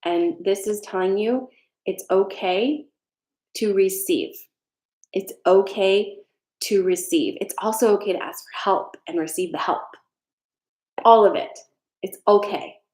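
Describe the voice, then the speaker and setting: A woman's voice: medium pitch, unhurried, a little mellow. Earnest woman in an echoey room. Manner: earnest, reassuring, candid with mild swearing. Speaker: tarot reader. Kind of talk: casual live-stream tarot reading.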